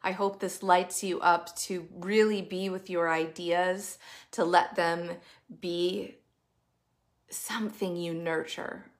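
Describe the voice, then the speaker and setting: A woman speaks to her online sisterhood in a loose, gushing live talk. Her voice sits a little low for a woman, and she mixes spiritual language with casual swearing. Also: steady tone, takes it slowly. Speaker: women's community coach and host.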